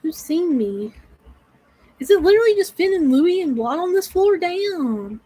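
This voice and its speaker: A woman with a high voice narrates her gameplay for a stream. She talks casually to her chat and swears when the game goes against her. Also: big pitch swings, a little slow, dark tone, no room sound, rough recording. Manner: frustrated, swearing, talking to chat. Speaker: gaming streamer.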